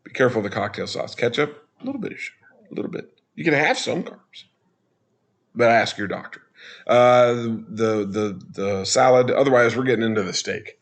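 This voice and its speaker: A man's voice: mid-range voice, animated, moderate pace. A man talking casually over a walkthrough as a travel vlogger, chatty, with joking asides.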